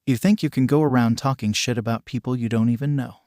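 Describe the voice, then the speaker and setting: A man's voice: mid-range voice, steady tone, fast, a little mellow, no echo, studio quality, lightly acted. A man voicing a brash, swearing teenage hothead. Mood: angry. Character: hot-tempered foul-mouthed teenage boy hero.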